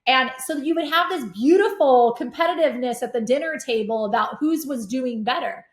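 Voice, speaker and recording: Energetic middle-aged woman, roomy sound. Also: high voice, fairly quick. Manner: energetic, animated storyteller. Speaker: podcast guest, real estate investor. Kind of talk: casual conversation. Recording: roomy echo.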